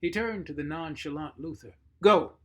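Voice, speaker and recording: Husky guy reading a short story slow, measured and expressive. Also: fairly high pitch. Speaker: narrator.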